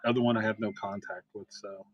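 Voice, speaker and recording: A man's voice: lowish voice, little pitch movement, quick pace, muffled recording. A middle-aged man hosting a live card-break stream, chatting casually and rambling through stories. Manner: rambling, chatty storyteller with fillers.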